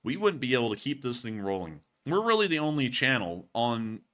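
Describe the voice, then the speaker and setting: A man hosts a livestream in a bright, forward voice. He rambles casually, padding his thoughts with fillers as he answers questions and thanks his viewers. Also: mid-range voice, sing-song, brisk. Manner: rambling, chatty, frequent "uh" and "let's see here". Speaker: war news show host.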